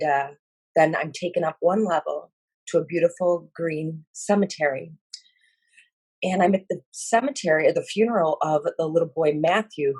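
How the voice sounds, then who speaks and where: Breathy woman slowly recounting a vision. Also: low-pitched, darkish tone, no echo. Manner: slow and halting, with many fillers; emotional and earnest. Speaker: speaker sharing a spiritual vision. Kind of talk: personal account of a vision.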